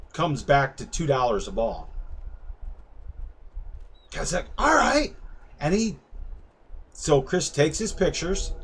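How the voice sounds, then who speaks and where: A man's voice: on the high side, slight background noise. A man on a game stream telling a long story about working a carnival dart booth, acting out the people in raised voices. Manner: animated anecdote, acting out customers in raised voices.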